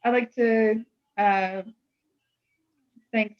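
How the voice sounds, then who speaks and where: A woman player in a tabletop game who speaks hesitantly, with long pauses. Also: a little high, steady tone, highs cut off. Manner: hesitant, halting. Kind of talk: casual tabletop play.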